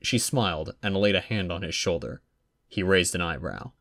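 Low-voiced man narrating a story. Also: lively intonation, moderate pace, fairly bright tone. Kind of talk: fan fiction audiobook narration.

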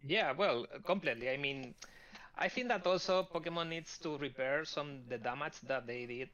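A man chats casually as a podcast guest, halting often and filling gaps with ums and uhs while he searches for words. His voice comes through a dull, lo-fi recording. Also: fairly high pitch, a bit bright. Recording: dull lo-fi audio.

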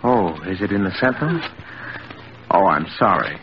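An actor playing a placating, evasive young nephew in a 1940s-style radio drama, talking soothingly. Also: male voice, deep voice, sing-song, normal speed. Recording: dull old radio broadcast with hiss.

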